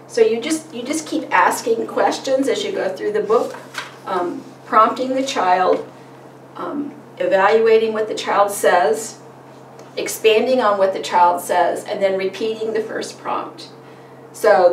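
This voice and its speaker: A woman's voice: mid-range voice, normal speed. A woman giving a workshop on reading with children, acting out sing-song questions between plain explanation and frequent fillers. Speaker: literacy trainer. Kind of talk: workshop presentation. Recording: roomy, distant mic with faint noise.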